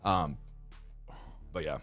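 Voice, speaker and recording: A man's voice: very deep voice, very slow, a bit bright, faint music behind. A man co-hosting a casual live stream, rambling with lots of fillers and frequent laughs. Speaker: co-host of a music reaction channel. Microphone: studio microphone.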